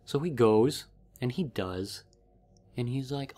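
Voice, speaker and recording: A man's voice: medium pitch, animated, slow pace, pauses often, mellow. A man rambling casually through a book recap as a vlogger, with many fillers.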